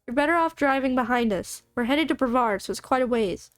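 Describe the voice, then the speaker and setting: A woman voicing a calm paramedic who speaks politely and steadily. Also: high voice, fairly quick, no echo.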